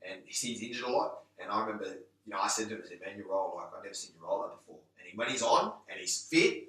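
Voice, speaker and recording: An English-accented man talks fast and forcefully in a casual podcast chat, tripping over his restarts as he makes his point. His voice has a bright, hard edge. He sounds set back from the mic in an echoey room. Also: fairly low pitch, lively intonation, far from the mic. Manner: rapid, emphatic, many restarts and swearing. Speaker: guest, MMA gym owner and coach.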